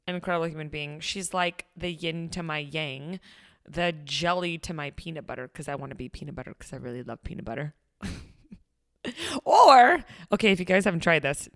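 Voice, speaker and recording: A young woman hosting a motivational podcast, chatting in a bubbly, excitable way with lots of pep and playful asides. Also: low-pitched, dry recording, studio quality. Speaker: podcast host. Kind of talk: upbeat motivational podcast chat.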